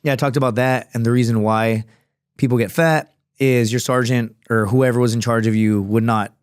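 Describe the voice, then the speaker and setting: A man's voice: medium pitch, fairly even intonation, normal speed, smooth, no room sound, studio quality. A man guest on a podcast, telling stories loosely and casually and swearing freely.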